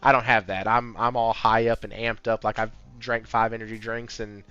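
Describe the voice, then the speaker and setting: A man hosting a casual gaming podcast, talking in an amped-up, high-energy way and swearing freely. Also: little pitch movement, moderate pace, pushed and bright, clean tone, no echo. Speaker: podcast host. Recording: slightly muffled audio with faint background music.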